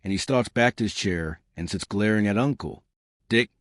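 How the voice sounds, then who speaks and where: A man reads a short story aloud in a chatty, colloquial first-person manner. His voice sits low, and the recording is dry and close to the mic. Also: normal speed, fairly bright tone, no echo. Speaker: audiobook narrator. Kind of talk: audiobook narration in first person.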